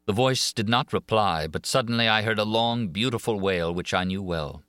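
A man's voice: lowish voice, moderate pace, fairly bright tone, dry recording, clean studio sound, natural voice. A man reading an audiobook of a classic novel, voicing a haunted, pleading young woman singer with emotive swings of feeling. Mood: haunted recounting. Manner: emotive, rising and falling with feeling.

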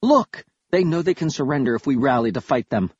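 A man's voice: medium pitch, animated, fairly quick, a little mellow, husky, dry recording. A man voicing a weary male soldier who urgently pleads that the fight is lost. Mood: despairing. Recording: dull lo-fi audio.

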